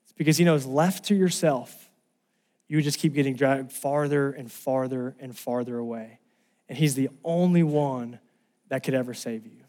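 A man from Los Angeles preaching a sermon, telling a personal story and rising to loud exclamations. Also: mid-range voice, moderate pace. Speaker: pastor.

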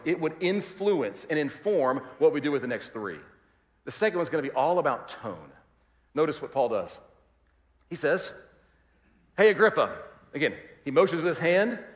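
A man preaching a sermon as pastor, animated and acting out quoted voices, swinging from loud to quiet. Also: fairly high pitch, normal speed. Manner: animated, acts out quoted voices, varies volume widely. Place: large church hall. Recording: roomy hall reverb.

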